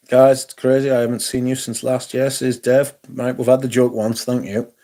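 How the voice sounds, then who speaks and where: A man's voice: mid-range voice, level tone, a little slow. A man hosting a livestream, reading viewer comments aloud in a sardonic, sweary casual chat.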